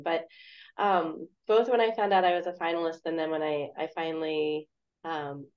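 A woman author giving an earnest, hesitant answer on a video call, with many pauses and fillers. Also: fairly low pitch, lo-fi sound. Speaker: award-winning author.

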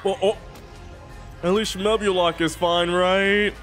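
Super slow reaction host getting teary, show music faint behind. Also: medium pitch, fairly even intonation, a bit bright. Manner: emotional, tearful, drawn-out. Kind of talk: casual reaction commentary.

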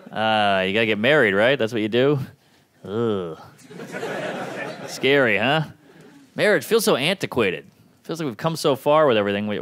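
A man doing a stand-up comedy set on a club stage, with a wry, incredulous delivery that jumps into high voices for bits. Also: fairly bright tone.

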